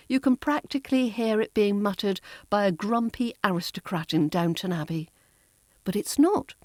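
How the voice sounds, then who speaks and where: Woman, RP accent, accent coach, scripted lesson, slow deliberate pace, playful crisp delivery, dry close recording. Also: medium pitch, a little mellow, no echo. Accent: Southern English (RP). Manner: crisp and lightly playful, drawing out example words. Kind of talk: scripted teaching podcast.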